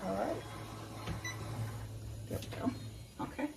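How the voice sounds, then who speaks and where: A woman's voice: slow, heavy background noise. A woman talking through a recipe in a casual cooking vlog, chatty and folksy and speaking straight to her viewers from her home kitchen. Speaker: home cook showing a recipe. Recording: roomy sound from a distance.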